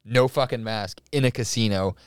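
A man's voice: lowish voice, moderate pace, clear, resonant tone, dry recording, studio quality. A man in casual chat, telling a story with heavy swearing and acting out the people in it. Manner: profane storyteller acting out quotes.

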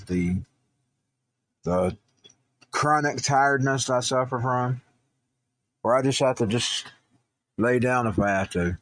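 A man who hosts a political talk show, rambling through personal stories and news commentary, stumbling and restarting, and growing heated. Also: mid-range voice.

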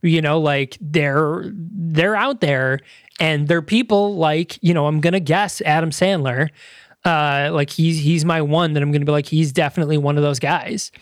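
A man co-hosting a casual movie podcast, his voice sitting a little high. He rambles and restarts his sentences, and the sound is dry and close with no room around it. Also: normal speed, no echo. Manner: rambling, loose, lots of fillers and restarts. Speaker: podcast co-host. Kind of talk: casual movie review chat.

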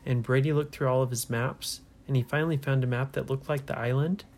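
A woman making up a bedtime story for children, hushed at times and asking the listener questions. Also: extremely low pitch, fairly even intonation, fairly quick.

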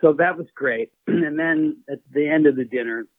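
A male guest telling a relaxed anecdote, laughing now and then as he goes. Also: a little high, moderate pace, dry recording. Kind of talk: casual storytelling. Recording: tinny phone-line audio.

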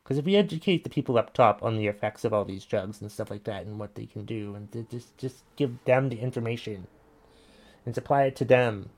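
Gravelly-voiced man ranting. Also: on the low side, brisk. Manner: blunt, swearing, frustrated ranting. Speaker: podcast host reading listener messages. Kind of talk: casual ranting commentary.

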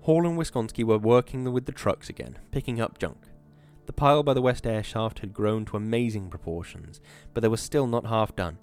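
A man reading a story aloud in steady, measured audiobook narration. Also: on the low side, clean tone, soft background music.

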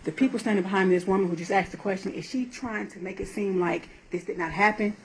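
A woman's voice: mid-range voice, fast, creaky, a little hiss or hum, rough recording. A woman giving courtroom testimony, telling her account in a blunt, profane, emotional way. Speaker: defendant in court.

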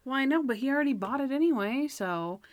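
A woman co-hosting a casual review chat, animated and acting out scenes in put-on voices. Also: high-pitched, quick pace, no room sound. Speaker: podcast co-host reviewing episodes.

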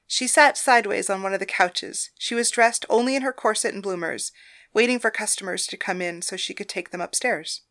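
A woman narrating a story in a steady, even way. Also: medium pitch, fairly quick.

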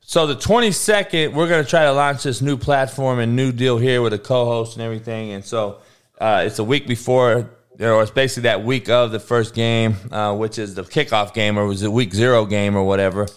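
A man's voice: medium pitch, a little fast, smooth. Casual male sports streamer; clean resonant tone, talks loose and salty. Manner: profane, animated, laughing banter. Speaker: sports show host.

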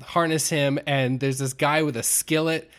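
Animated man telling a story on a podcast. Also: a little high, moderate pace. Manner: animated storyteller, acts out quotes with shouts. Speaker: podcast co-host. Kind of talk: casual podcast chat.

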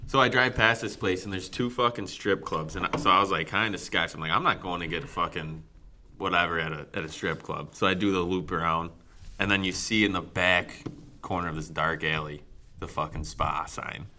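A low-voiced man spins a crude, laugh-filled story among friends. His tone has a bright, forward edge over a deep register, with a faint background hiss. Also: fairly quick. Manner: profane, laughing, animated storyteller. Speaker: podcast co-host.

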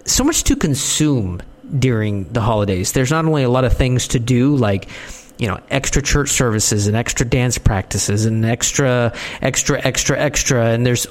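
Chatty, rambling male podcast host. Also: medium pitch. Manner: chatty, rambling, self-interrupting. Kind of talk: casual podcast chat.

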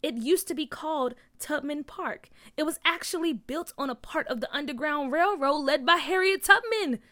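A woman's voice: high voice, normal speed, a bit bright, pitched above the performer's own voice. McKinley, bold young schoolgirl, as read by a woman. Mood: eager. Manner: eager, determined. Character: spirited young schoolgirl activist. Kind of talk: storybook read-aloud.

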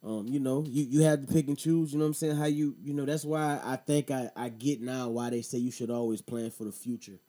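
A man's voice: medium pitch, fairly even intonation, brisk, hardly any pauses, mellow. A man in his thirties hosting a casual show, telling a profane, slangy story and then talking about voting. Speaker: podcast host.

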